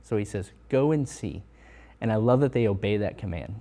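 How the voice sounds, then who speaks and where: A man's voice: fairly low pitch, expressive, brisk, dark tone. A man telling a Bible story as a personal testimony, earnestly acting out the voices of the people in it. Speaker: missionary sharing testimony. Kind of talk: casual testimony.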